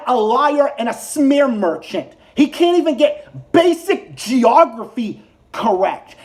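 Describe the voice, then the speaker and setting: Profane, ranting American man. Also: high voice. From United States. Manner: heated, profane, repeats insults over and over. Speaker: political commentary vlogger. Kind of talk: angry ranting monologue.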